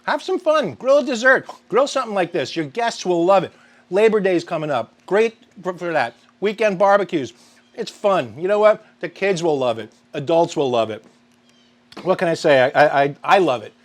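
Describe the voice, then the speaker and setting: An upbeat man with a somewhat high voice walks viewers through a cooking demonstration at the grill. He is chatty and talks straight to the audience as the show's host. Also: lively intonation, normal speed.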